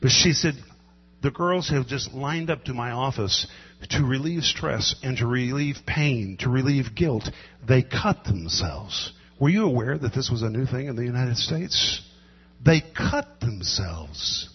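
A man preaching a sermon, building to loud emphatic cries and drawing out words for weight. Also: mid-range voice, moderate pace, husky. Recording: lo-fi echoing hall with mains hum.

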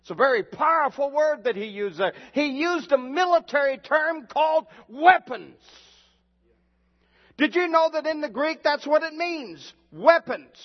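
A pastor preaching a sermon and reading scripture, emphatic and building to shouts, with slow, drawn-out reading of the verses. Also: male voice, very high-pitched, lively intonation. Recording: dull lo-fi sound in a reverberant hall.

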